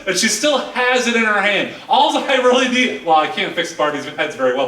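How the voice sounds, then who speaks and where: Earnest high-voiced male pastor preaching. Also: sing-song, brisk, hardly any pauses, pushed and bright. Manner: earnest, repeats words as he builds. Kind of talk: sermon. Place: church sanctuary. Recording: echoey church hall from far off.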